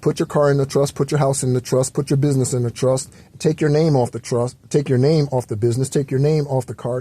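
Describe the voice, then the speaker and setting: A man's voice: medium pitch, dark tone, dry recording. A man hosting a spiritual talk channel, speaking in a loose, rambling way with many fillers and the occasional swear word.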